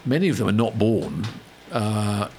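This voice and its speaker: A man from England hosts a relaxed radio chat. He rambles and teases, and his pitch rises and falls a lot. A faint noise sits under the recording. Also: unhurried. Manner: chatty, rambling, teasing. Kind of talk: casual chat.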